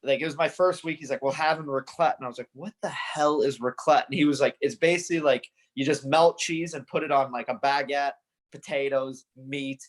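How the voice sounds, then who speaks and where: A man's voice: mid-range voice, steady tone, brisk. A young man as a podcast guest, rambling in casual chat with lots of "like". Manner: rambling, many "like" fillers, laughs. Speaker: podcast guest, hockey player.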